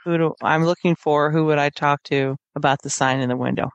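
A woman's voice: low voice, steady tone, brisk, dry recording, highs cut off. Woman casually retelling a story. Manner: retells the story with quoted lines, laughs often. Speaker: podcast co-host. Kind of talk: casual book discussion.

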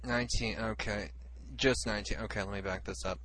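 A man's voice: lowish voice, steady tone, brisk, a bit bright, slight background noise, rough recording. A man co-hosting a fan podcast in casual chat, stumbling over his lines and laughing at his own slips. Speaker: podcast co-host.

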